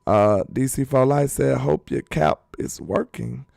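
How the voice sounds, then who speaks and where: A man's voice: medium pitch, measured pace, gravelly, a little mellow, no room sound, studio quality. A man hosting a sports channel in a casual live-stream chat, talking loosely and reading viewers' comments aloud.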